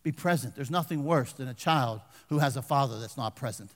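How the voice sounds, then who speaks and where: An older man preaching a folksy sermon as pastor, swinging from loud exhortation to hushed asides and calling for amens. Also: mid-range voice, a little fast. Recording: long reverb of a large hall.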